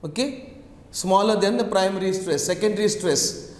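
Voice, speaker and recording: A man's voice: sits high, normal speed. A man teaching a class, repeating key phrases and checking in with "right?" after nearly every point. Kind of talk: classroom lecture. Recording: echoey room with long reverb.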